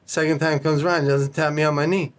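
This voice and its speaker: Profane, animated male storyteller. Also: fairly high pitch, fast talker. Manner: animated, profane, acts out dialogue. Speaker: podcast guest. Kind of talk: casual storytelling.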